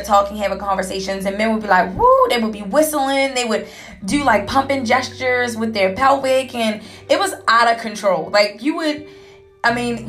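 A young adult woman hosting her own show, candidly recounting a personal story in a casual, animated way with lots of fillers. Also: a little high. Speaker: podcast host.

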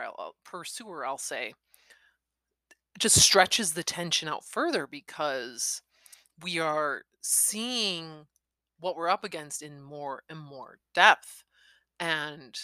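Lively low-pitched woman discussing a story. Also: dry recording. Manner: thoughtful, analytical, animated. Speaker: parent reading a novel with her child. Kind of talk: casual discussion of a story's craft.

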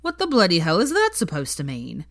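A woman's voice: fairly low pitch, very animated, moderate pace. A woman reading a fan story aloud, voicing a blustering, teary young man who talks in a choked, sheepish way. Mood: indignant.

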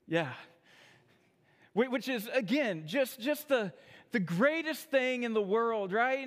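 High-voiced man preaching in a reverberant hall. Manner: conversational, self-deprecating, frequent restarts. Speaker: pastor. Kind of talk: sermon with personal storytelling.

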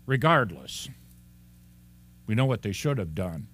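Animated man preaching a sermon. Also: fairly low pitch, unhurried, breathy edge, faint music behind. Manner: animated, laughs often, acts out disciples' lines. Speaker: pastor. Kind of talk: expository sermon.

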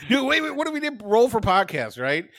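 A man co-hosting a podcast in casual chat, excitable and swearing constantly. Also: very high-pitched, a little fast, creaky, no room sound. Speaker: podcast co-host.

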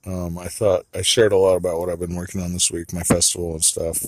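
Brief: low-voiced man, husky, dry close sound, casual swearing monologue. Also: flat delivery, fast talker, no echo. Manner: rambling, profane, second-guessing himself. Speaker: vlogger.

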